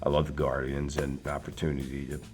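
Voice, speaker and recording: A man's voice: rumbling low, completely flat delivery, fast talker, a little mellow, soft background music. A man in his sixties from Philadelphia, an actor telling casual, rambling anecdotes with many fillers and laughs. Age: 60s. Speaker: actor guest.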